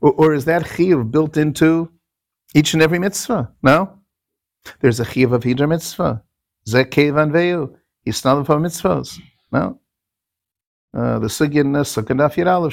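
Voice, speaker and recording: A man's voice: a little high, lively intonation, moderate pace, gravelly, no echo, clean studio sound. A man teaching a Talmudic lecture, repeating key terms and asking rhetorical questions. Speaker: Torah teacher.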